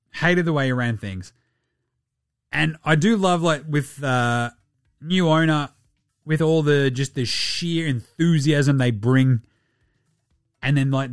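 A man's voice: medium pitch, no room sound, clean studio sound. An Australian man hosting a podcast, chatting casually and rambling with plenty of swearing and jokes. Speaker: podcast host. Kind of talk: casual sports chat.

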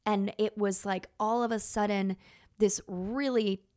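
A woman's voice: mid-range voice, fairly even intonation, a little slow, dark tone. A woman in her thirties, a teacher, telling a personal story in an earnest, emotional way with many fillers.

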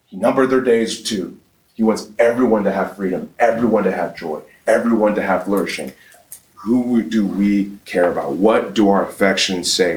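A man in his thirties with a somewhat low voice gives an emphatic live conference talk, pressing the audience with rhetorical questions and circling back over his own phrases. He sounds a little off the mic, and the room adds a noticeable echo. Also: a little hiss or hum. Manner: emphatic, fires rhetorical questions, frequent restarts. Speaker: conference speaker. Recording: roomy, distant from the mic.

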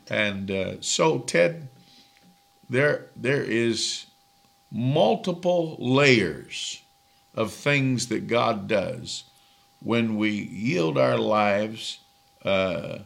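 A man's voice: on the low side, fairly bright tone. An older man, a minister, preaching and chatting with viewers on a live stream. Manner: slow, gravelly, reads out viewers' names.

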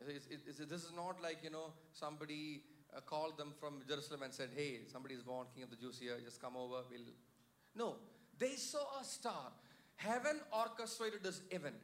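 Male pastor, sermon, church, fairly high voice, call-and-response. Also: fairly bright tone. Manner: paraphrases scripture with many fillers and restarts.

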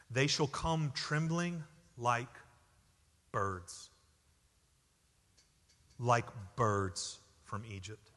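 A man preaching a sermon, emphatic, dropping from loud declarations to hushed lines. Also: medium pitch. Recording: hall reverb.

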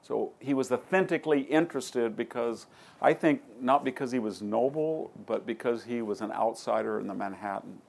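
A man's voice: medium pitch, normal speed, gravelly, a little mellow. A man answering an audience question in a lecture hall, telling anecdotes and acting out quoted dialogue. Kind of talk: conversational Q&A storytelling.

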